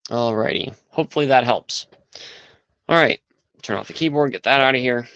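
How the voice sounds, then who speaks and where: A man's voice: mid-range voice, moderate pace, a bit bright, smooth, dry recording, dull audio. A man hosting a livestream in casual chat, talking aloud as he sets things up. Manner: chatty, thinks aloud while setting up. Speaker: livestream host.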